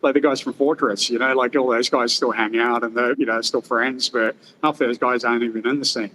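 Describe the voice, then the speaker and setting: A man's voice: medium pitch, steady tone, a little fast, pushed and bright, a little hiss or hum, low-quality recording. Laid-back Australian man, casual chat. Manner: laid-back, swears freely, laughs often. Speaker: podcast host.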